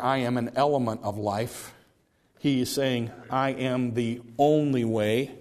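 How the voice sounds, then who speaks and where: A man preaching a sermon, earnest, who repeats words as he builds a point and slows down to stress key phrases. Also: medium pitch, a little mellow.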